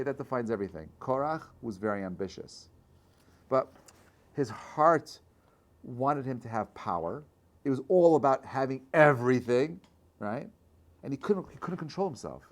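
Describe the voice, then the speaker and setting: A man, a rabbi, giving an informal Torah class in a conversational way, often checking in with his listeners and building to loud, animated bursts. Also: medium pitch. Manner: conversational, checks in with frequent "right?".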